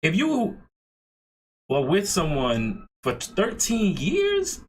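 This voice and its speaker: A man's voice: sits high, slow pace, slight background noise. Laid-back slangy male podcast host. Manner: relaxed, encouraging, slangy. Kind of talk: casual podcast chat.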